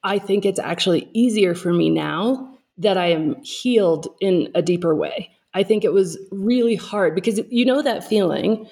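A woman's voice: medium pitch, normal speed, hardly any pauses, a little mellow. A woman in her thirties, a podcast guest, talking openly and reflectively in casual conversation and laughing easily.

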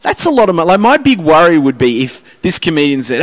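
A man hosting a podcast, chatting in a loose, rambling way full of swearing and self-mockery. His pitch swings widely and stays lively. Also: quick pace. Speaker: podcast host. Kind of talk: casual podcast chat.

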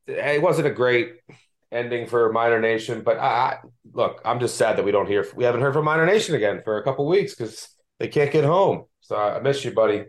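A man's voice: mid-range voice, fairly quick. A man with a Delco accent hosting a casual sports betting podcast, chatty and self-deprecating. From Delaware County, Pennsylvania. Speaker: podcast host.

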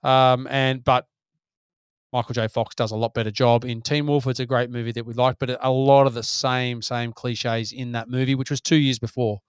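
A man co-hosting a casual movie podcast, relaxed as he runs through plot summaries. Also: mid-range voice, moderate pace, clean tone, dry recording, clean studio sound. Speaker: podcast co-host.

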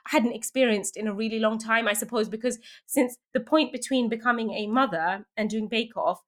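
A woman being interviewed, telling lively anecdotes with laughter and quoted voices. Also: on the high side, fairly quick. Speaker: guest. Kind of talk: casual storytelling interview.

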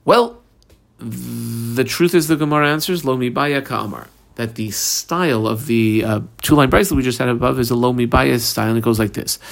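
A man teaching a Talmud page, switching between Aramaic phrases and casual English explanations in an animated way. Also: mid-range voice, brisk, gravelly, few pauses. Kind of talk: daf study lesson.

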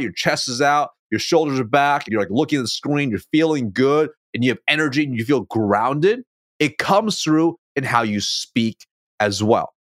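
A man being interviewed as a sales coach, a self-described fast talker who stumbles and restarts his words, speaking over a video call. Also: mid-range voice, a bit bright, no echo, clean studio sound. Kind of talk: conversational interview.

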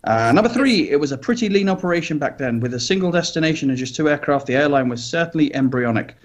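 A man's voice: fairly high pitch, animated, fast talker, lo-fi sound. A man co-hosting a podcast, reading news items aloud with chatty asides and light jokes. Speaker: podcast co-host.

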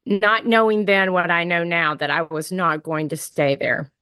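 A woman's voice: lowish voice, fairly even intonation, moderate pace, pushed and bright, clear, resonant tone, dry recording. A woman hosting a podcast interview, candid and empathetic, relating her own experiences to her guest. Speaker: podcast host. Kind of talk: interview conversation.

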